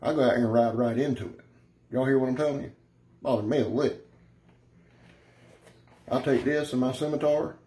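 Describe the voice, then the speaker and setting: A man's voice: medium pitch, moderate pace, long pauses, dark tone, slight background noise. A man giving a rambling, folksy, brash product review, talking straight to his viewers. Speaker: knife reviewer.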